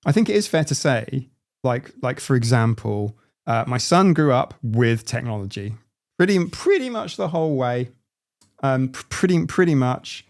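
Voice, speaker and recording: A man in his forties hosts a casual live stream, replying to viewer comments as he goes. His voice has a gravelly fry and sits at a middling pitch. He talks in halting bursts, often restarting a sentence. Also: sing-song, a little mellow. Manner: halting, frequent restarts and self-interruptions.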